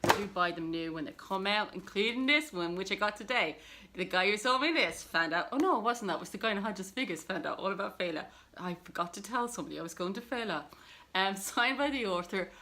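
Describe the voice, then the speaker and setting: A woman's voice: mid-range voice, animated, fairly quick, bright, forceful tone. A woman talking casually to camera about her books, rambling and self-deprecating with plenty of fillers. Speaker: book vlogger.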